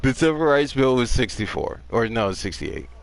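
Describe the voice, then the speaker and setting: A man's voice: medium pitch, lively intonation, moderate pace. A man in his thirties ranting bluntly and sarcastically during a casual gaming livestream, with plenty of profanity. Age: 30s.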